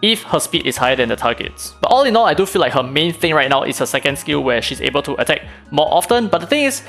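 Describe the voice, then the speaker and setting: A man hosts a game guide and breaks down tactics at a rapid clip. His voice sits a touch high for a man, and his delivery is casual and analytical. Soft music plays faintly behind him. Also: very animated, creaky. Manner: casual, analytical, fast-talking with fillers. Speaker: gaming channel host.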